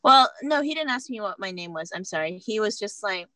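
A woman's voice: medium pitch, expressive, brisk, pushed and bright, no room sound. An American woman, a podcast guest, telling a story candidly and acting out the dialogue. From United States. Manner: candid, laughing, acts out dialogue. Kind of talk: casual storytelling.

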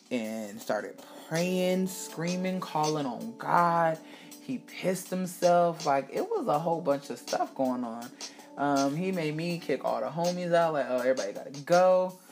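A woman hosting her own show, telling a personal story in a candid, animated way, swearing freely and acting out what people said. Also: low voice, slow pace, faint music behind. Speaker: podcast host. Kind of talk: casual storytelling monologue.

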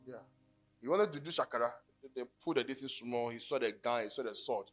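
A middle-aged Ghanaian man preaching a sermon, telling stories and joking, breaking into sudden loud bursts. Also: mid-range voice, brisk, soft background music. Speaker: pastor.

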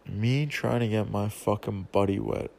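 A young man with a low, gravelly voice and a dark, mellow tone. He rambles through a profane, slang-heavy rant, telling a personal story the casual way. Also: unhurried.

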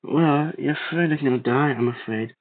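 A man voicing a calm, eerie man in black. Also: mid-range voice, moderate pace, close to an everyday voice. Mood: calm, soothing. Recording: tinny phone-like sound.

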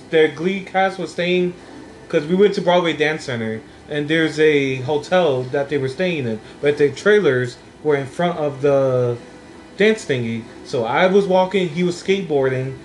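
Young podcast guy, slightly high voice, stops and starts a lot, faint noise in back. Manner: halting, full of fillers. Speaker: podcast co-host. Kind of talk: casual chat.

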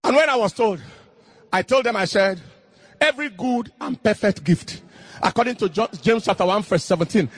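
A middle-aged man preaching a fervent sermon in King James cadence, rising into shouted bursts. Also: sits high, moderate pace, slightly rough, no echo.

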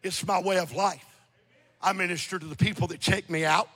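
A high-pitched man preaches with fervor, his voice bright and edged with a husky rasp. He swings between loud appeals and hushed, near-whisper passages. The sound rings with the long reverb of a large hall. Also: steady tone, brisk. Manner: impassioned preaching, swinging from shouts to hushed tones. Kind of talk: sermon.

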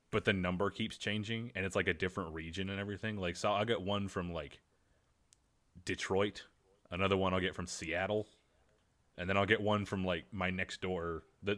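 Man, podcast co-host, low-ish voice, wry joking chat. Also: fairly bright tone. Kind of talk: casual chat.

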